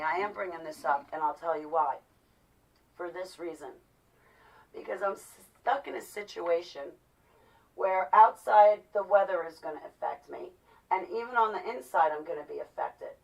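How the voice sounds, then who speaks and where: A middle-aged woman giving an agitated personal monologue, swinging between loud outbursts and low, quiet stretches. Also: moderate pace, vocal fry, far from the mic, rough recording. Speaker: vlogger.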